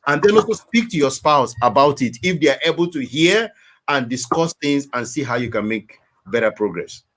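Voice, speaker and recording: A man's voice: mid-range voice, animated, normal speed, fairly bright tone. A man giving earnest, preachy advice as a guest counselor, repeating phrases for emphasis. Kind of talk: advice talk.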